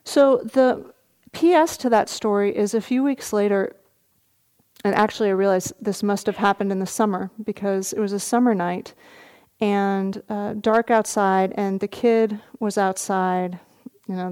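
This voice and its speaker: A middle-aged woman, a meditation teacher, giving a dharma talk at a retreat, telling a story gently with soft laughs. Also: medium pitch, fairly even intonation, normal speed, clean tone.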